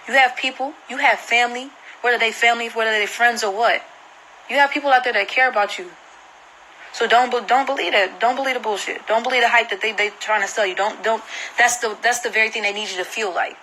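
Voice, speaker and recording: A woman's voice: on the high side, fairly quick, pushed and bright, slight background noise, rough recording. A woman vlogger giving an emotional personal account to camera, earnest and repeating herself for emphasis. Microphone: phone screen recording.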